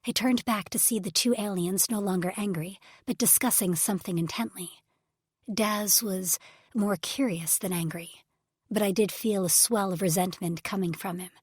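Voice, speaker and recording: Breathy female audiobook narrator. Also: medium pitch, normal speed, dry recording, studio quality. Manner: emotional first-person storytelling, drops to whispers. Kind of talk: scripted narration.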